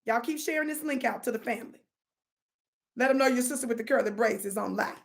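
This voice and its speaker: A woman hosting a live stream, telling a story to viewers in an animated, preachy call-and-response style. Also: a little high, quick pace, creaky. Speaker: livestream host. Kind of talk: casual livestream storytelling.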